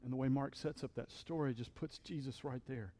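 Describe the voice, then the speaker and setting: A male pastor preaching a sermon in a relaxed, conversational way, often checking in with the congregation and acting out the quotes he reads. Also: mid-range voice, a little fast, long reverb tail. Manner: conversational preaching, frequent "right?", acts out quotes.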